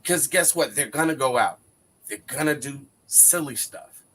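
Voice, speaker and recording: Middle-aged man, wrestling panelist, preachy and theatrical, husky voice with a very animated pitch. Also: normal speed. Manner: dramatic, mock-wounded, preachy. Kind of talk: heated panel banter.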